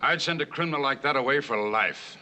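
An actor playing a stern, outraged governor in a 1960s film. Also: male voice, mid-range voice, brisk, sharp tone. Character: indignant state governor, older, stern.

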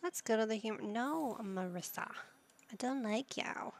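A woman's voice: fairly high pitch, expressive, measured pace. A woman giving casual let's-play commentary, playful and motherly, with silly made-up words. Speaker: gaming video host.

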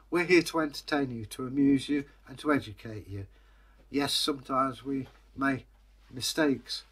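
A man hosting a storytelling channel, telling a folktale and then chatting to viewers in a rambling, friendly way with pauses. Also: mid-range voice, sharp tone. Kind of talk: folktale storytelling, casual sign-off.

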